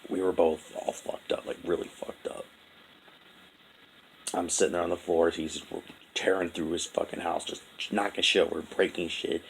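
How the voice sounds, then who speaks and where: Low-voiced young man confessing, halting. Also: little pitch movement, creaky, a little hiss or hum, poor audio. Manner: halting, profane, full of restarts and fillers; subdued and heavy-hearted. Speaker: vlogger. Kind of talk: confessional storytelling monologue.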